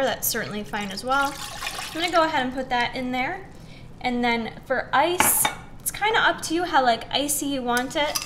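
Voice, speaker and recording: A woman's voice: sits high, noisy background. A young woman hosting a casual recipe demonstration, chatty and upbeat, with lots of "um" and "like". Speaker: fitness recipe host.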